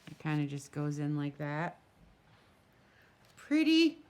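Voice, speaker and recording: A woman's voice: deep voice, level tone, measured pace, darkish tone. A woman who runs a craft shop, casually chatting as she flips through a handmade journal, gushing and full of small asides, recorded outdoors in a breeze on a camera mic.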